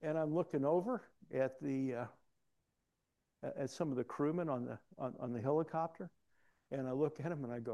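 A middle-aged man preaching a sermon, telling personal stories and swinging from hushed asides to loud exclamations. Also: on the high side, fairly quick.

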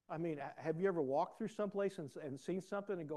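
A man's voice: fairly high pitch, quick pace, few pauses, warm tone. An older man preaching a conversational sermon in a folksy, rambling way, often repeating words as he starts a thought.

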